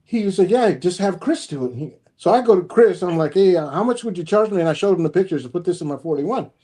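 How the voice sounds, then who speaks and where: A man's voice: high voice, fast. A middle-aged man casually telling a long story in a group chat, acting out each side of the conversations he recounts. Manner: animated anecdote telling, acts out both sides of conversations. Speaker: car collector guest. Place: home, online group stream.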